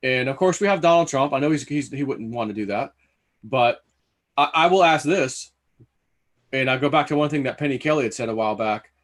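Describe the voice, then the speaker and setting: Man, average pitch, loose thinking-aloud host of a casual live chat. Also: brisk.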